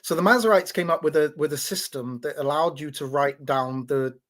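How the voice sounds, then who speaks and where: A podcast host with a somewhat higher-than-average voice explains something loosely and casually, talking a little fast. He often stumbles and restarts, repeats words, and keeps checking in with his listener using "right?" in a teaching tone.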